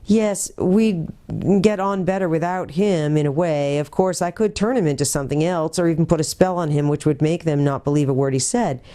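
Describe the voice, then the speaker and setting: A woman's voice: sits low, normal speed, mellow, natural voice. A woman voicing a kindly, chatty old male magician in a storybook read-aloud. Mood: thoughtful.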